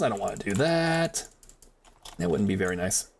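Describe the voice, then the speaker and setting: Animated young man streaming a game. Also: medium pitch, fairly quick. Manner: rambling, chatty, talks to chat while playing. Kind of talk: live gameplay commentary.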